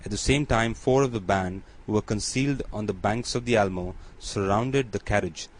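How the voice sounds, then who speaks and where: A man narrating a classic novel as an audiobook in a steady, even reading. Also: on the low side, moderate pace, a little hiss or hum, rough recording.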